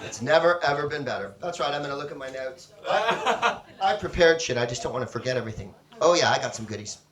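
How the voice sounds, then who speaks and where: A man's voice: mid-range voice, expressive, quick pace. A man doing a stand-up comedy set, bantering sardonically and profanely with a live audience. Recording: roomy live club recording, loud crowd noise.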